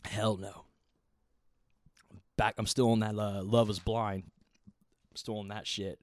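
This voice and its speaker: A man's voice: lowish voice, little pitch movement, slow, darkish tone, no echo, studio quality. A man in his thirties ranting casually and profanely as a podcast host, rambling and exasperated. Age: 30s.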